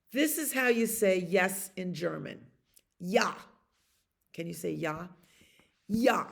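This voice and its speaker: Slow, gentle woman reading bedtime stories. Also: on the low side, creaky. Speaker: children's librarian. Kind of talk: bedtime story reading for children.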